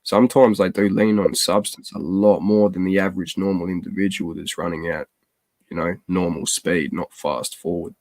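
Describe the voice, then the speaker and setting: A man's voice: sits low, steady tone, moderate pace, a little mellow, no echo. A man, telling stories in a casual, sweary chat and acting out the voices of people he quotes. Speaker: podcast host.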